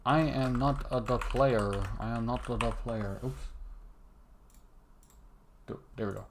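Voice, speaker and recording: Coding a game live on stream, a young developer talks quietly to himself in casual commentary, often stopping partway through sentences. His mid-range voice moves at a measured pace with long pauses, and keyboard typing and mouse clicks sound in the background.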